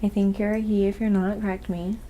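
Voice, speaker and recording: A woman from Oklahoma with a slight Southern accent, chatting softly on a live painting stream and reading viewer comments aloud. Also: mid-range voice, level tone, fairly quick. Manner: reads viewer comments aloud, thanks donors. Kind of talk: soft-spoken ASMR live stream chat.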